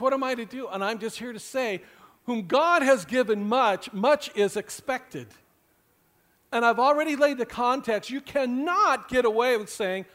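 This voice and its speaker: A man's voice: extremely high pitch, a bit bright. A middle-aged man preaching a sermon as pastor, earnest and conversational with joking asides.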